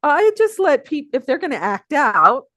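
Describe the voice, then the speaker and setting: Her voice sits high and sounds very animated and fairly bright as she talks at a normal speed. She's an older teacher from the Pacific Northwest appearing on a podcast, reflecting and chuckling often through stories in a casual interview. There's no room sound, just studio quality.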